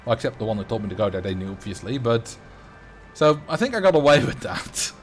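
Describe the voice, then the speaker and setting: A man's voice: mid-range voice, sing-song, quick pace, faint music behind. Man in his late twenties telling rambling anecdotes. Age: late 20s. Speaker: livestream host. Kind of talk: casual livestream chat.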